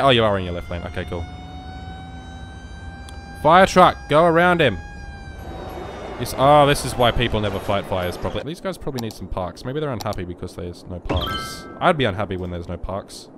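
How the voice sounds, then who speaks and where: Young man, sick, rambling gameplay commentary, jokey, sudden yells, faint hiss behind. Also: fairly low pitch, animated, quick pace. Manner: rambling and joking, with sudden loud outbursts at the game. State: sick with a virus. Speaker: gaming YouTuber.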